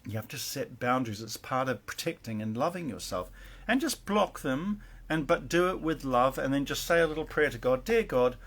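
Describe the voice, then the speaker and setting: A man's voice: medium pitch, animated, brisk, fairly bright tone. A man, a spiritual teacher, giving earnest, rambling advice in a casual monologue full of fillers and restarts.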